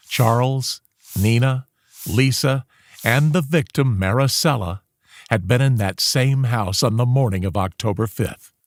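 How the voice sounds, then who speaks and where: A man's voice: medium pitch, dry recording. Dry-voiced true-crime narrator man. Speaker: documentary narrator.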